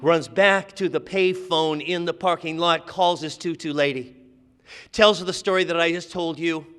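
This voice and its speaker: A man telling a dramatic story at a live event, swinging from lively to hushed. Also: on the high side, moderate pace, clear, resonant tone. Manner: animated, acts out voices, drops to hushed tones. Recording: live hall with long reverb.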